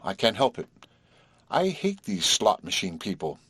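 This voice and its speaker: A man's voice: fairly low pitch, huge pitch swings, unhurried, fairly bright tone, slightly rough, no room sound, heavily acted. A man voicing a stiff, formal young scholar who speaks precisely. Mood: prim. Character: stiff, prim young male scholar, pedantic.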